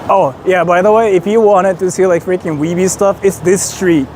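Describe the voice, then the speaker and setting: A young man from Japan chatting casually on a livestream as he walks through city streets. He is excitable, swears a lot and bursts into shouts. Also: high-pitched, moderate pace. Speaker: streamer. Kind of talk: casual livestream chat while walking. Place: busy city street outdoors. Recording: street noise behind.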